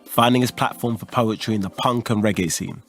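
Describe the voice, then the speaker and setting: Low voiced guy narrating a doc, calm scripted read, music under. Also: a little fast. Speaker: host, narrator.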